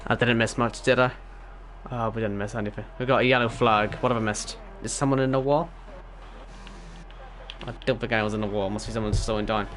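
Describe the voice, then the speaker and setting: A man's voice: fairly low pitch, fairly even intonation, fairly quick, a bit bright, a little hiss or hum. Rambling Northern Irish man commentating a race. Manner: rambling and self-deprecating, reading chat messages. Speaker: race league stream commentator. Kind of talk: casual live stream commentary.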